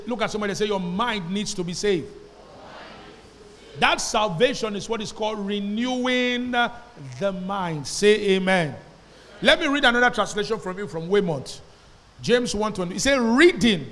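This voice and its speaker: A male pastor preaching in a high voice. He tells a story and has the congregation repeat phrases back to him. His voice rings with the long reverb of a church hall. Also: expressive, normal speed, a bit bright. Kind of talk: sermon.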